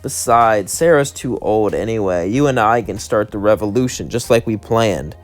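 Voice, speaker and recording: A man's voice: fairly low pitch, animated, moderate pace, faint music behind, lightly acted. Giddy young angel partier, bubbly and squealing, read by a man. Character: giddy party-loving young angel woman.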